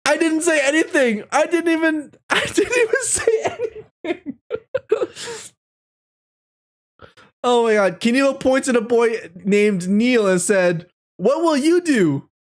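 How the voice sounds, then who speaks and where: A woman's voice: sits high, lively intonation, takes it slowly, pauses often. A young woman reading an AI-written story aloud, reacting with giggly, shrieking exclamations. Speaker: streamer.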